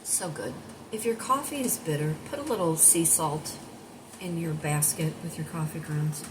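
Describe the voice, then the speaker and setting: A woman in her sixties talks to her viewers in a low, unhurried voice, rambling from one thought to the next. Her casual morning chat is recorded at home over clear background noise. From United States. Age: 60s. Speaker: vlogger and life coach.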